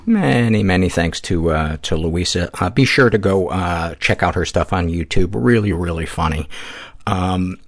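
A man hosting a podcast, thanking his guest and reading a sponsor ad in a relaxed way with many fillers. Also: deep voice, normal speed. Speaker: podcast host. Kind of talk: casual interview and ad read.

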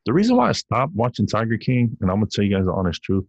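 A young man with a very deep, husky voice holds forth on his own podcast. He rambles from one tangent to the next, cursing freely as he gets heated. The sound is close and dry, with no room around him. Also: big pitch swings, quick pace, darkish tone, dry recording, lo-fi sound. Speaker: podcast host. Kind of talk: solo podcast rant.

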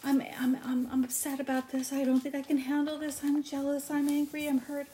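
A whiny, tearful young woman, voice pitched up high and quavering as she frets that she can't handle it, as a woman puts her on in casual chat. Her complaints come out as a petulant, wobbly whimper. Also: monotone, a little fast, mellow, slight background noise, lightly acted. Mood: upset.

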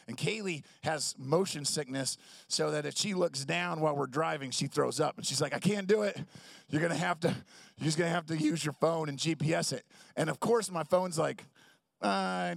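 High, gravelly-voiced pastor preaching casually. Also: male voice, no room sound, studio quality. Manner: conversational, jokey storytelling with acted-out quotes. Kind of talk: sermon.

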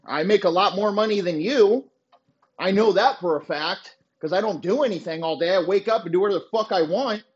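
High-voiced man on a profane rant. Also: a little fast. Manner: crude, boastful, insulting. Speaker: podcast host. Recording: dull lo-fi sound.

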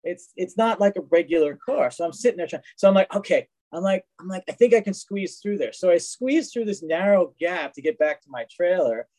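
Casting note: a man, fairly high voice, interview guest, rambling storyteller who restarts sentences often. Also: expressive, brisk, hardly any pauses, a little mellow, low-quality recording. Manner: rambling anecdotes with frequent restarts and acted-out quotes. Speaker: guest, race car collector. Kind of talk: casual storytelling.

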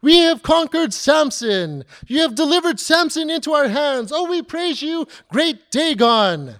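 A man voicing an exultant male pagan worshiper who praises his idol in high, drawn-out mock praise. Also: very animated, fairly bright tone, no echo, clean studio sound, heavily acted. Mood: gloating.

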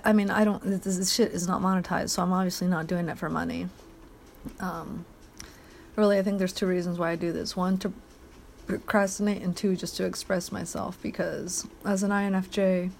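A woman with a fairly low, creaky voice hosts a solo podcast, eating as she talks. She rambles bluntly and swears a lot, and there's slight noise in the background.

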